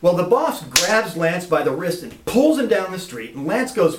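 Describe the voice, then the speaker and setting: A man telling a personal story in a lively, animated way, recorded from a distance in an echoey room. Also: high voice, moderate pace, hardly any pauses. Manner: animated, lively, acts out voices.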